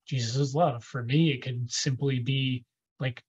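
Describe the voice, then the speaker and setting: A man's voice: mid-range voice, fairly even intonation, measured pace, darkish tone, husky, lo-fi sound. Rambling male podcast host. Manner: rambling, heavy with fillers and restarts. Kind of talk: casual podcast conversation.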